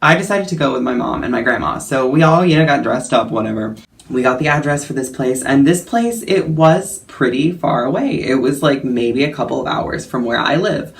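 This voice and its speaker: A man's voice: mid-range voice, expressive, normal speed, creaky. A young man telling a story in a casual vlog, chatty and self-mocking, full of fillers and laughs. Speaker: vlogger.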